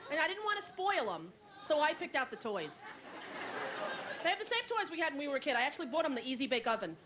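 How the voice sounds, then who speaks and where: Brash stand-up comedienne in her thirties, high voice, live on a stage over hiss and a roaring crowd. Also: sing-song, fast talker. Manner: brash storytelling, acting out family members. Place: theater stage before a live audience. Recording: noisy VHS tape, loud audience laughter. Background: audience laughter.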